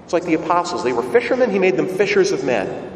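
A man's voice: on the high side, sing-song, fast talker, slight background noise. A male priest preaching a conversational homily in a church, asking rhetorical questions and stumbling over repeated words. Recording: echoey church, far from mic.

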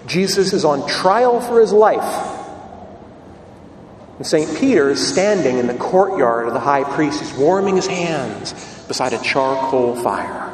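A man's voice: a little high, animated, measured pace, slight background noise. A man preaching a sermon, telling the story dramatically and asking rhetorical questions. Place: church. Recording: echoey hall, distant mic, faint ambience.

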